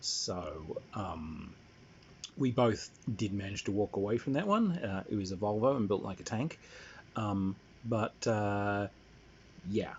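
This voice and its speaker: A man's voice: lowish voice, animated, takes it slowly, a little mellow, slight background noise. A man telling a rambling, wry family anecdote in a casual way. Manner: rambling, wry, many fillers. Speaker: storyteller. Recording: dull lo-fi sound.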